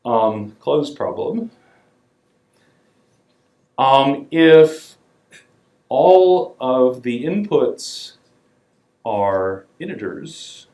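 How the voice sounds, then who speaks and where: A man with a medium-pitched, darkish voice delivers a classroom lecture extremely slowly with long pauses and lively intonation, in a casual, wry way with many ums and leaned-on words. His voice comes from a distance in an echoey lecture hall.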